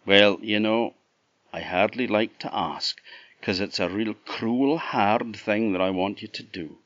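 Bashful Scottish young fool, put on by a male storyteller; hesitant, folksy, a bit loud. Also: fairly low pitch, unhurried, no room sound, muffled recording, voice pushed up. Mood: sheepish. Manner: sheepish, hesitant, folksy dialect.

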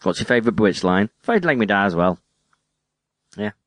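Man, low voice, casual podcast co-host, teasing and dry, sounds close and dry. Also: sing-song, brisk, no room sound. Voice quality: dry, teasing, short replies. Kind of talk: casual chat.

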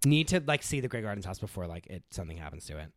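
A man's voice: sits low, racing, no room sound, clean studio sound. A young man hosting a podcast, chatting casually and rambling with lots of filler words. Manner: rambling, many "like" fillers, animated. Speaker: podcast host. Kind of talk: casual chat.

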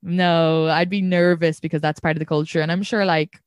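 A woman's voice: low-pitched, fairly even intonation, moderate pace, clear, resonant tone, dry recording. Blunt, laughing woman host. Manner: blunt, swears freely, laughs often. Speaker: podcast host. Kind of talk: casual chat.

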